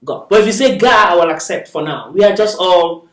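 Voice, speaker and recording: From far off in a reverberant classroom comes a male Arabic teacher's high-pitched, somewhat bright voice, moving a little fast. His lecture is patient, and he frequently asks "is that okay?" to see that students follow.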